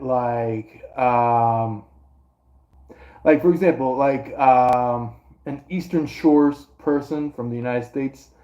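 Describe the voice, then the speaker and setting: A man with a medium-pitched voice gives his viewers a casual astrology reading as an astrology and tarot reader, rambling with lots of fillers and restarts. The highs in the recording are cut off.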